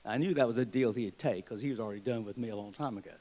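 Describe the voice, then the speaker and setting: A man's voice: medium pitch, rapid-fire, dark tone. Folksy Southern man giving a speech. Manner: folksy, wry, joking. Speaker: state treasurer giving a convention speech. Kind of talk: political speech with folksy storytelling. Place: convention hall.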